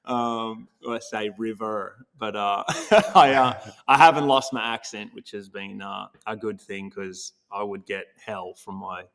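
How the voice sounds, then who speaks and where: Guest: Australian man, thick Toowoomba accent, relaxed storyteller who laughs a lot. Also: lowish voice, measured pace. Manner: easygoing, laughs often while telling stories. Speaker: guest, pro angler. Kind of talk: casual interview chat.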